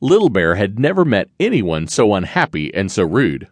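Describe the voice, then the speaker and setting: Expressive male children's storyteller. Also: on the low side, normal speed, few pauses, slightly rough, no room sound. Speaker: audiobook narrator.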